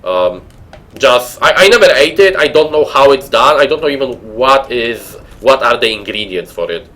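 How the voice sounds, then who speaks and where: A man's voice: mid-range voice, animated, normal speed, sharp tone. A man from Poland with a Polish accent, rambling in casual chat to viewers while playing a game on stream. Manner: rambling, chatty, many fillers and restarts. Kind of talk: casual let's-play chat.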